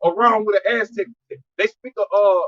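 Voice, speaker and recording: Loud, profane high-voiced street preacher. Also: male voice, fairly even intonation, normal speed, muffled recording.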